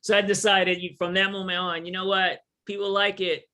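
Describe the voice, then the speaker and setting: A middle-aged New Yorker, an author and thru-hiker appearing as a guest, tells a story casually during a Q&A. His voice sits high with a level, sharp tone and a slightly quick pace, and he jokes while imitating the people he quotes.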